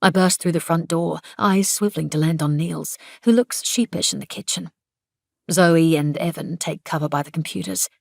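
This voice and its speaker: A woman's voice: low-pitched, moderate pace, creaky, darkish tone, dry recording, studio quality. A woman narrating an audiobook in the first person, intense and emphatic in the dialogue.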